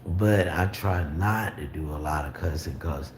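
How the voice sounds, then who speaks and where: A man casually chatting on his livestream, reading out and answering viewer comments with a slow, drawling, sometimes indignant manner. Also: extremely low pitch. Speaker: livestream host. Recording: echoey room with noticeable background noise.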